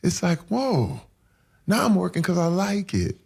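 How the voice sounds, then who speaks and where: A man's voice: high voice, wildly swooping pitch, a little slow, gravelly, breathy edge. A man speaking as an interview guest, telling his personal story candidly and earnestly, repeating phrases for emphasis. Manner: drops to a hushed whisper at moving moments.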